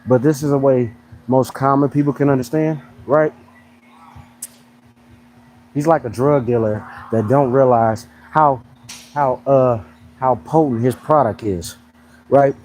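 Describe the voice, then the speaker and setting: Young male fitness coach on a casual live chat: slangy and joking, with a lively voice that rises and falls a lot. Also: medium pitch, low-quality recording. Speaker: fitness coach and pro bodybuilder.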